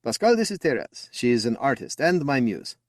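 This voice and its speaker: A man's voice: mid-range voice, very animated, brisk, dry recording, voice pushed up, natural voice. Guy reading as a chatty proud older brother, bouncy voice, dry close sound. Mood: eager. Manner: upbeat, chatty and affectionate. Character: eager, boastful young man, proud older brother.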